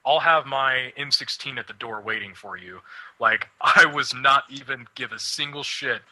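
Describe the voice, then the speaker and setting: A man's voice: mid-range voice, moderate pace, sharp tone, no echo, low-quality recording. A young man co-hosting a casual radio show, rambling and swearing, laughing often. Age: young adult. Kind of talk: casual chat.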